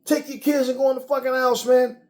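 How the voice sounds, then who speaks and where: A man's voice: very high-pitched, level tone, a little fast, darkish tone. Blunt, profane male ranter. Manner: blunt, profane, repetitive restarts. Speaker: commentator. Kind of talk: casual rant to camera.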